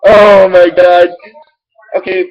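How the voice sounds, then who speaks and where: A man hosting his own show, rambling through an excitable recap with many restarts. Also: high-pitched, takes it slowly, highs cut off. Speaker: show host recapping episodes.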